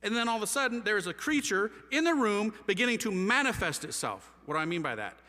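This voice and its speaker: Man with a fairly high voice, passionate testimony speaker, slangy and animated, reverberant hall. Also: quick pace. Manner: animated, slangy storytelling with wide swings of loudness. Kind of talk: impassioned testimony talk to a live audience.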